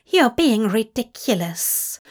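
A prim, earnest male angel, fretful and fussy in an old-fashioned way, as a woman puts him on. He speaks high and slow, unhurried in his storybook reading. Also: expressive. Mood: appalled.

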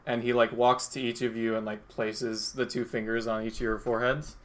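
Casting note: relaxed male game master, mid pitch, filler-heavy narration. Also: brisk. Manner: casual, laughing, many fillers.

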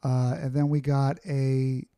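A man chatting as a podcast guest, telling stories in a loose, rambling way full of fillers and restarts. His voice is very dark and mellow at a middling pitch. The sound is dry and close, with no room around it. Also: level tone, slow, no room sound. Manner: rambling, filler-heavy, candid. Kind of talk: casual conversational storytelling.

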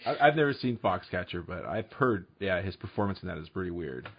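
A low-voiced man hosts a casual podcast with a bouncy, expressive delivery. His voice is a little husky, and the lo-fi recording dulls it. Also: brisk. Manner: leads the segments, lively and laughing. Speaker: podcast host. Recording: dull lo-fi sound.

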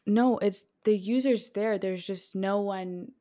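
A young woman in her twenties co-hosting a podcast, chatting casually and telling animated stories full of "like". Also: medium pitch, takes it slowly. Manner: chatty storyteller, animated, heavy on 'like'. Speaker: podcast co-host. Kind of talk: casual chat.

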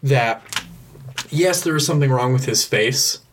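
A man co-hosting a casual film podcast, speaking at a middling pitch. He explains things in loose, rambling sentences and restarts often. He is recorded on a podcast mic. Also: measured pace, slightly rough. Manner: explains with many likes and restarts. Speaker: podcast co-host. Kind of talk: casual movie chat.

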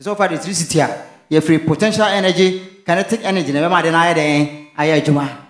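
Man, pastor, call-and-response sermon, fairly high voice, echoey church with soft music. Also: fast talker. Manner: asks questions for the congregation to finish, mixes in local language.

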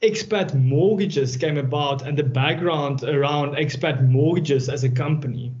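A man co-hosting a casual show over a video call, relaxed and hesitant. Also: a little high, unhurried. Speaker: co-host. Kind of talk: casual hosted chat. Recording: muffled video call audio.

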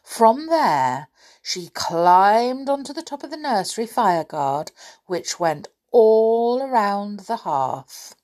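Expressive woman reading a story slowly. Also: medium pitch. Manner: expressive, lively.

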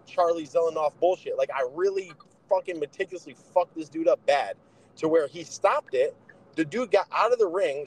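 A man's voice: a little high, darkish tone, low-quality recording. A young man co-hosting a podcast, telling boxing stories in a blunt, profane, casual way. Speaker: podcast co-host, boxer.

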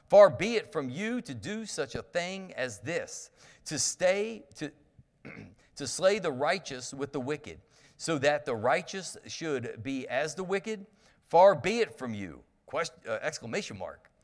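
A male pastor reads scripture and then preaches on it in a loose, folksy manner, often restarting his sentences. His voice sits a little high for a man. A long reverb trails behind him, as in a church hall. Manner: folksy, conversational, frequent restarts. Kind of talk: sermon with scripture reading.

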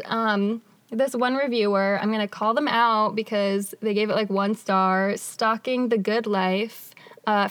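A young American woman hosting a podcast, telling lively stories in casual chat and laughing often. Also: on the high side, no echo. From United States. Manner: animated storytelling, laughs often. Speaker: podcast host.

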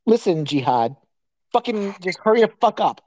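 A woman's voice: medium pitch, big pitch swings, moderate pace, a little mellow, dry recording, dull audio. A woman co-hosting a podcast in casual chat, ranting crudely and laughing often. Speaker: podcast co-host.

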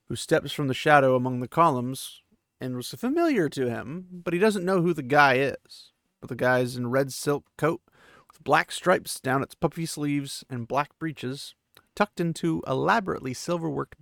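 A man's voice: a little high, gravelly, a bit bright, no echo, clean studio sound. A man hosting a podcast, casually retelling a novel chapter in loose, chatty paraphrase with fillers. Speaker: podcast host.

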